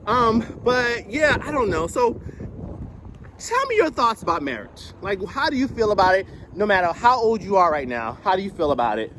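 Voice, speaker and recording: A man's voice: high-pitched, sing-song, fairly quick. A young man talking candidly to his phone while walking outdoors on a cold, windy street, rambling and laughing as he shares his thoughts. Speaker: vlogger. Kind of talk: casual confessional vlog. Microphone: phone held at arm's length.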